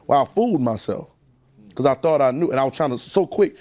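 A male preacher delivering a sermon, chatting with the congregation in folksy asides and building up in pitch and volume as he drives his points home. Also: lively intonation, brisk, darkish tone.

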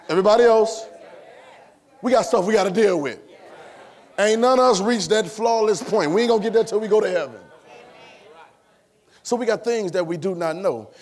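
Male preacher, high voice, repeats lines, builds to shouts, church sermon. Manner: call-and-response preaching, repeating phrases, rising to shouts. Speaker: pastor. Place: church sanctuary.

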